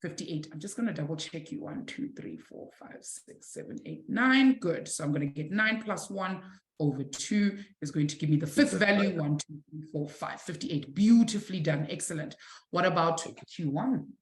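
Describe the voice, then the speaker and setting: A woman from South Africa teaching a live online maths lesson, encouraging her students warmly and calling them affectionate names. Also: lowish voice, normal speed, echoey room. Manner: warm, encouraging, calls students "my sweetie".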